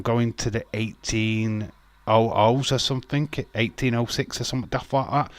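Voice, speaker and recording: A man's voice: fairly low pitch, normal speed, fairly bright tone, no room sound. A man hosting a casual watch-along, rambling and loose with his facts. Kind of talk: casual chat.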